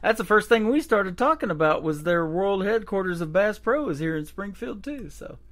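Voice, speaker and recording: A man's voice: high voice, lively intonation, normal speed, a bit bright. A man hosting a country radio show, chatting upbeat and easygoing with his guest. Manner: upbeat and chatty, with filler words. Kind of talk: casual radio interview chat.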